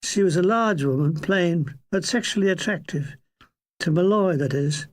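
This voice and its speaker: An older man reading a comic memoir aloud with dry, deadpan wit. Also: high voice, normal speed. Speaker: narrator.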